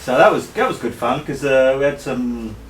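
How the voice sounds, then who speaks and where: A middle-aged man, chatting casually and dropping dry, deadpan quips. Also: medium pitch, moderate pace, background noise. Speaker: former film extra. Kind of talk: casual chat. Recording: echoey container from far off.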